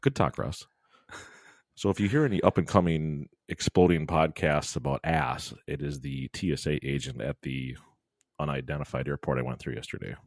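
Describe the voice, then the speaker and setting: A man's voice: a bass voice, normal speed, gravelly, dry recording. A man hosting a podcast, telling stories in a casual chat and laughing often. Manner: animated storytelling, laughs often. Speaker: podcast host. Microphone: studio podcast mic.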